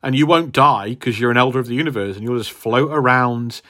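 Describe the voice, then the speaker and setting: A man's voice: medium pitch, a little fast, fairly bright tone, natural voice. A man voicing a callous, smug male space tyrant who talks in an offhand, dismissive way, close to his own voice.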